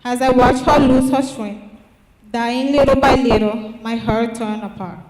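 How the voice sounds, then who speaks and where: A teenage girl reads her own poem in an earnest, slightly halting way, her voice pitched a little high. She is heard from well back in a reverberant church hall with a long, echoing tail. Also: steady tone, background noise. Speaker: student writer. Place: church hall at a public reading. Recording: echoey church hall from far off.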